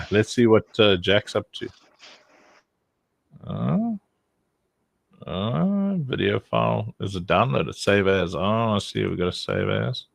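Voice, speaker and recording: A man's voice: on the low side, expressive, takes it slowly, vocal fry, pauses often, dry recording. A man hosting a live stream in a casual, playful, rambling way, often breaking into laughter. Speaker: livestream host.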